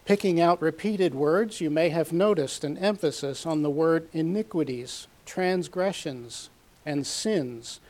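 A man delivers a Bible teaching sermon in a voice a little higher than most men's. He lays out the passage methodically, section by section. When he quotes scripture, he gives the words extra weight. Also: a little mellow. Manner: measured, methodical, reads scripture aloud with emphasis. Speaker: preacher.

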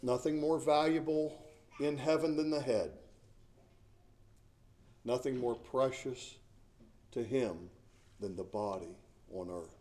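A middle-aged male pastor delivers a sermon at an unhurried, deliberate pace. His voice is mellow and warm, set at an ordinary male pitch. He preaches earnestly, leaning on key words and circling back on phrases as he builds his point. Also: a little hiss or hum. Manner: earnest, emphatic preaching with repeated words and restarts.

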